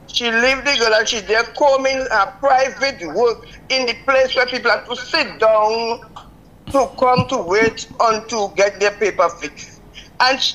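A woman's voice: a little high, fairly bright tone, low-quality recording. An older woman calling in to a radio show, venting her frustration emphatically and repeating herself. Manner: vexed, repetitive, emphatic. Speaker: caller. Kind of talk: call-in radio complaint.

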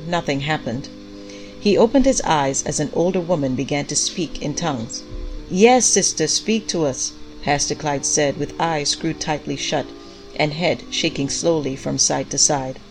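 A woman with a notably low voice reads a story aloud in a measured, even way. Faint music plays softly behind her narration. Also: poor audio.

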